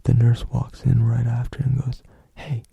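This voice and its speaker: Very gravelly, dark-voiced young man. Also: mid-range voice, completely flat delivery, moderate pace, no room sound, muffled recording. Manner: rambling, profane, loose delivery with many fillers. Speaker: podcast host. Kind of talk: casual storytelling.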